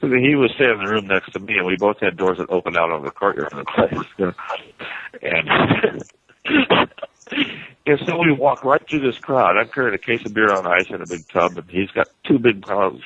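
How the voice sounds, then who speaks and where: A low, husky man on a muffled phone line, rambling through a story. His bright, forceful voice keeps breaking into laughter as he swears his way along. The sound is dry and dull. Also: no room sound. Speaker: guest calling in. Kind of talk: casual storytelling. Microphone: phone call.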